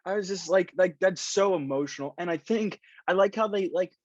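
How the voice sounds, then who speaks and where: A man's voice: high voice, fairly quick, no room sound, dull audio. A man appearing as a podcast guest, talking in a rambling, heartfelt way with many fillers. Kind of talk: casual podcast chat.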